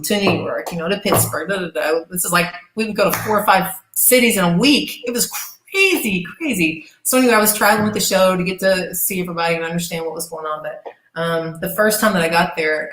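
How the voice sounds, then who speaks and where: A middle-aged woman, an interview guest, telling casual stories in a lively, profane way and acting out what people said. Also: on the low side, fast talker. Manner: animated, profane storyteller who acts out quoted voices. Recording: echoey room.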